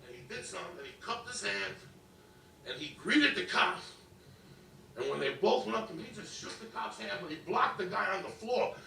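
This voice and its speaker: A brash man spins a foul-mouthed comic story. His voice is high and gravelly. It comes from a clip that sounds echoey and far from the mic. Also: fairly quick, a little hiss or hum. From New York. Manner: brash, swearing constantly, animated. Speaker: stand-up comedian. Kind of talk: profane comedic storytelling. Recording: echoey clip picked up from afar.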